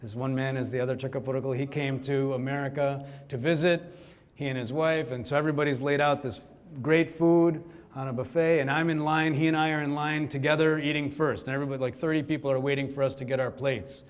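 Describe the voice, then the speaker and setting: A man's voice: mid-range voice, fast talker, smooth. A middle-aged man from Kerala, India, telling a personal story to a conference audience, acting out the quotes. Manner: animated storytelling, acts out quotes. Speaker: conference speaker. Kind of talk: storytelling keynote talk.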